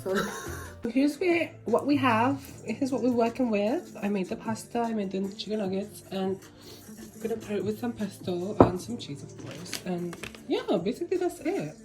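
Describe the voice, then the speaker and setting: A woman's voice: a little high, moderate pace, rough recording. A young woman vlogging her week in a casual, chatty way, swearing freely and giggling now and then. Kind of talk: casual vlog chat. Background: music.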